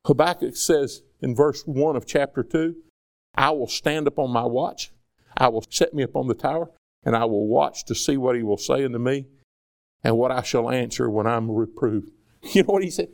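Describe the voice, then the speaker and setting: A man's voice: mid-range voice, moderate pace, gravelly, a little mellow. A man preaching a sermon in a conversational way, acting out dialogue between people and God. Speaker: pastor.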